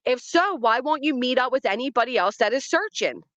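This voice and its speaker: A woman's voice: high voice, expressive, fairly quick, fairly bright tone, no room sound, highs cut off. A woman hosting a casual livestream outdoors, dramatic and talking straight to her chat. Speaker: livestream host. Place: outdoors in a yard by trees.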